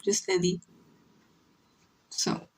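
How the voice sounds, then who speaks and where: A young woman streamer chats casually while drawing, rambling, teasing, and slipping into Spanish now and then. She speaks very slowly, and the recording is rough.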